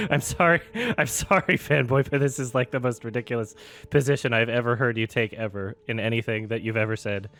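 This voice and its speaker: Sharp-voiced man ranting on a game stream. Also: mid-range voice. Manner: exasperated, sweary, laughing through his rant. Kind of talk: ranting live-stream commentary while gaming.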